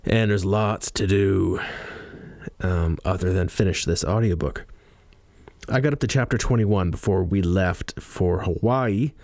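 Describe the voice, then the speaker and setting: A man's voice: low-pitched, unhurried, a little mellow, no room sound. A man with a Canadian accent hosting his own podcast, rambling in a loose, chatty way into a studio mic. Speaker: podcast host. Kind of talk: casual podcast monologue. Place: recording studio. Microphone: studio mic with headphones on.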